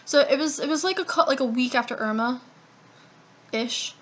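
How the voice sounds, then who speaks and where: A woman's voice: high-pitched, a little slow. A young woman vlogger casually retelling a long personal story, swearing often and acting out what people said. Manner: profane, rambling, animated retelling with quoted dialogue.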